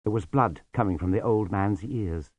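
A man narrating a story in a measured, expressive reading. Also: on the low side, husky, no room sound, lo-fi sound. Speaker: audiobook narrator. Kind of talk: scripted narration.

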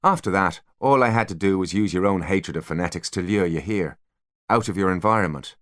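A man voicing a calm, calculating teenage boy genius with a smug, measured delivery in an audiobook. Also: deep voice, no echo, clean studio sound.

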